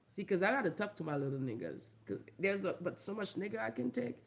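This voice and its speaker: A woman from Haiti, a vlogger and comedian, ranting loudly and emphatically with a lot of laughter. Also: big pitch swings, quick pace, vocal fry, few pauses. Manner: loud, emphatic, profane, laughing, big pitch swings. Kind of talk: ranting commentary vlog.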